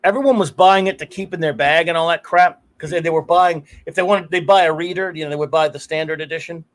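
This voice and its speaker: A middle-aged man hosts a casual live stream, winding through long anecdotes. His voice sits high for a man. He curses freely and breaks into laughs between stories. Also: steady tone, fast talker. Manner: rambling storyteller, curses freely, laughs often. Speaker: podcast host.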